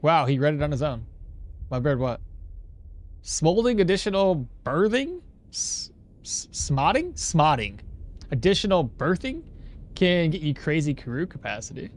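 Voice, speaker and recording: A man's voice: on the high side, big pitch swings, moderate pace, pauses often, slight background noise. A man streaming a game live, chatting casually and self-deprecatingly, reading chat aloud as he plays. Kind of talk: casual live gameplay commentary.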